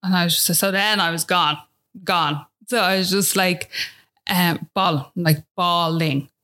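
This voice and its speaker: An Irish woman appears as a guest and tells a personal story in a casual, chatty way, peppering it with "like" and "do you know what I mean." Her voice sits on the low side with a steady tone, and she speaks a little slowly, sounding pushed and bright.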